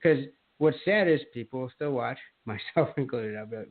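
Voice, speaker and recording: A man's voice: mid-range voice, expressive, normal speed, few pauses. Profane ranting man on a tinny line. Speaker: podcast co-host. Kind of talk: casual chat. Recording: phone-like lo-fi sound.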